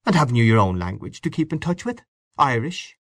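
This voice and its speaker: A man's voice: medium pitch, very animated, brisk, pitched above the performer's own voice. A man voicing a blunt, teasing young woman. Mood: probing. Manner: blunt, insistent questioning.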